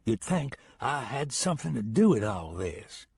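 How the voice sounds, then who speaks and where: A man voicing a nervous male prisoner with a deep Southern accent, talking in a hushed whisper. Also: very animated, unhurried, creaky, husky, dry recording, studio quality, exaggerated voice. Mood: uneasy whisper.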